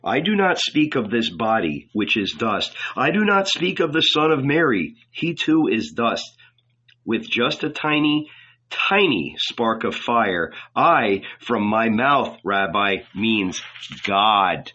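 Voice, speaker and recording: A man's voice: medium pitch, very animated, slow, pushed and bright, dull audio, heavily acted. A man reading an audiobook, voicing a defiant preacher who speaks firmly and with sarcasm. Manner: firm, weighty, at times sarcastic. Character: defiant male preacher, fiery and mocking.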